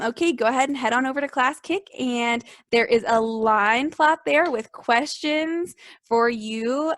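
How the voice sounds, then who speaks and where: A young woman teaching a second grade class remotely, upbeat, clear and encouraging as she speaks to small children. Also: fairly high pitch, a bit bright, no echo, studio quality.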